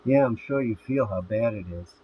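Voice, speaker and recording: A man reading the lines of a gruff, sarcastic middle-aged father in a blunt, curt way. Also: lowish voice, moderate pace, lightly acted. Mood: grim. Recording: tinny phone-like audio with faint hiss.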